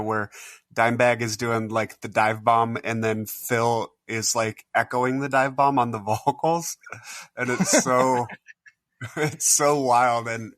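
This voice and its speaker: A man's voice: lowish voice, pushed and bright, dry recording. A man as a podcast guest in casual chat, thoughtful and hesitant, rambling with fillers.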